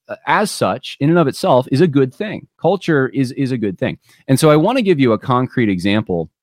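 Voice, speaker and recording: A man with a low voice hosts a podcast and talks loosely to listeners joining a live stream. He thinks out loud, restarts his sentences and fills the gaps with "uh". The sound is close and dry. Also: no echo. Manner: thinks aloud with restarts and fillers. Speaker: podcast host. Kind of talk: casual talk to a live audience.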